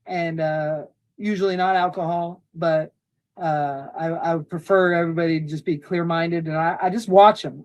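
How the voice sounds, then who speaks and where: A woman filmmaker talking casually in an interview, animated and acting out quotes from her shoot. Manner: animated, acts out quotes in high voices. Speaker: filmmaker guest.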